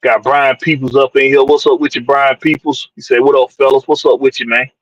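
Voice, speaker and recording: A man's voice: medium pitch, flat delivery, fairly quick, no room sound, lo-fi sound. A man from hosts a casual live-stream sports show, loose and jokey, reading out viewers and tossing in "man" all the time. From Georgia, USA. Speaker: podcast host.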